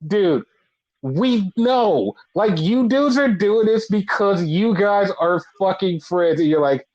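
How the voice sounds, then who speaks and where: Animated, cursing man on a podcast. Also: sits high, slow. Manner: animated, profane, acts out quoted voices. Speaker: podcast co-host. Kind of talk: casual wrestling podcast chat. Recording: muffled lo-fi audio.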